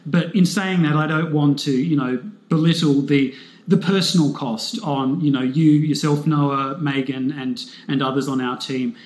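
Measured man, roomy echo. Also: fairly high pitch, fairly even intonation, darkish tone. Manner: measured, frequent ums and you-knows. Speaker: foundation spokesperson. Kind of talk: conversational interview answers.

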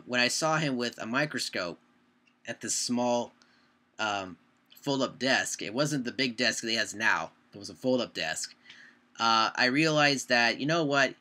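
A young man chats to the camera about his videos in a loose, rambling way, stopping often to fix his own words. His voice is fairly low but very bright and edged. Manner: rambling, self-correcting. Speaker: YouTube creator. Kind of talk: casual talk to camera.

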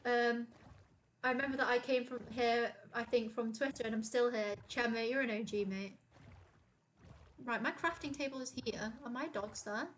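A woman's voice: fairly high pitch, moderate pace, slight background noise. A young woman streaming a game, chatting casually and reading chat aloud.

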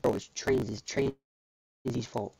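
A streamer chats casually during a game livestream in a slow, darkish-toned voice. He rambles, restarts his sentences, and drops the occasional casual swear word.

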